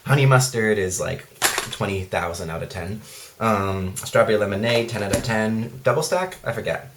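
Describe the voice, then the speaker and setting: A man's voice: on the low side, lively intonation, normal speed, noisy background. A young man chatting casually while eating on camera, rambling and self-mocking, full of fillers and acted-out quotes. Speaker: vlogger. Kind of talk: casual mukbang chat. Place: his room at night.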